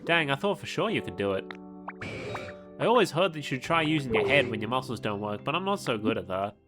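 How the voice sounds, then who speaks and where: A man's voice: mid-range voice, big pitch swings, a little fast, close to an everyday voice. A man voicing a friendly, easygoing giant rock snake creature from a video game, chatty and buddy-like, with a vague put-on accent. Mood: hopeful. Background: game music.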